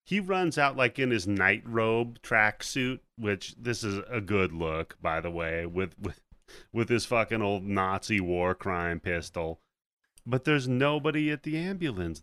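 A man's voice: lowish voice, sharp tone, smooth, no echo. A man hosting a casual podcast, recapping a movie with loose, profane chatter and acted-out lines. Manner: profane, laughing, acts out characters' lines. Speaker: podcast host.

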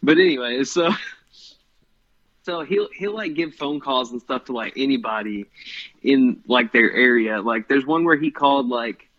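A man's voice: mid-range voice, unhurried, fairly bright tone. A man chatting casually as a co-host, rambling with lots of fillers. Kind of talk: casual chat. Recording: slightly muffled lo-fi sound.

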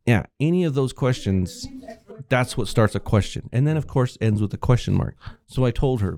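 A man's voice: mid-range voice, lively intonation, normal speed, a little mellow. A man co-hosting a casual podcast, ranting and swearing freely with frequent laughter. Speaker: podcast co-host. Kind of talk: casual profane chat.

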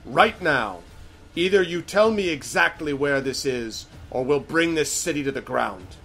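A man's voice: a little high, lively intonation, measured pace, a bit bright, soft background music. A man voicing a haughty, mocking female giant leader in a tabletop game. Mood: threatening. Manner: scornful, threatening.

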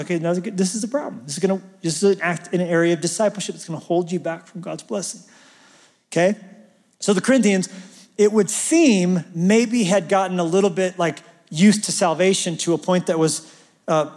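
High-voiced male pastor preaching in a hall. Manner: conversational preaching that swings from loud emphasis to near-whispers. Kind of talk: sermon.

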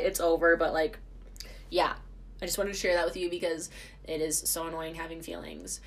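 A woman's voice: low voice, expressive, normal speed. A woman in her twenties hosting a podcast, chatting casually and rambling with lots of fillers. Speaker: podcast host. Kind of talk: casual solo chat.

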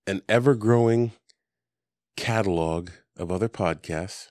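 A man's voice: on the low side, measured pace, a little mellow, no room sound. A man hosting a casual podcast chat, rambling and joking with plenty of ums. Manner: rambling, jokey, lots of ums. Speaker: podcast host. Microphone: desk podcast mic.

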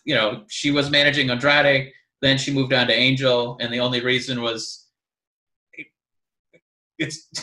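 A man's voice: mid-range voice, pushed and bright, roomy sound. A man rambling animatedly in a casual podcast chat, slipping into mock-crying impressions. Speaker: podcast co-host.

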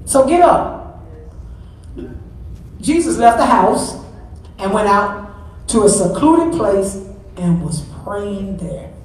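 This Mother's Day sermon comes from a middle-aged pastor's wife whose mid-range, darkish voice is very animated yet slow, with long pauses. Her delivery is conversational and emphatic, repeating points often. The recording is echoey, taken from a distant mic in a large church sanctuary.

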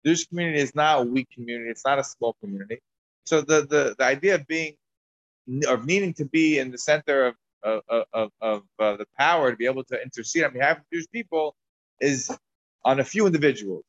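A man's voice: mid-range voice, fast talker, no room sound. A man teaching a Talmud class, rambling through asides and restarts. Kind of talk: Talmud lesson lecture. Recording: dull dry lo-fi recording.

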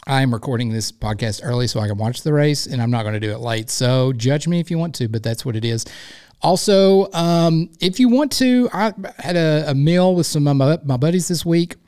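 A man's voice: medium pitch, brisk, clean tone. A man hosting a solo sports podcast, rambling in a folksy, playful way. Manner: rambling, folksy and playful, warmly effusive sign-off. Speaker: podcast host. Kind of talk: casual solo podcast monologue.

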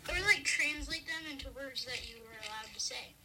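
A woman's voice: high voice, fairly quick, background noise. A young woman chatting casually and giggling with a friend. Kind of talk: casual chat.

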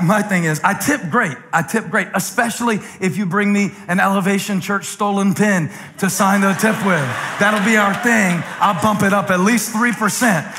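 A male pastor preaching a sermon, telling funny stories and swinging from loud exclamations down to hushed lows. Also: long reverb tail, background noise. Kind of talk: sermon with humorous storytelling.

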